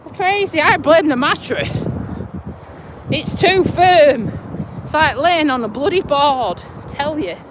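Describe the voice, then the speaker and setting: A middle-aged woman talks in a high, unhurried voice while walking outside. She rambles in a chatty, self-mocking way, swearing casually and chuckling. The phone recording is full of wind and passing traffic. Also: expressive. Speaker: vlogger. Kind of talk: casual live-stream chat while walking. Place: outdoors on a windy walk near roads. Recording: wind and traffic noise outdoors.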